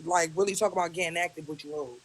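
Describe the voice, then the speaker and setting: A woman's voice: lowish voice, steady tone, quick pace, breathy edge. A woman chatting on a TikTok live stream, blunt and full of slang. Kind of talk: casual group chat.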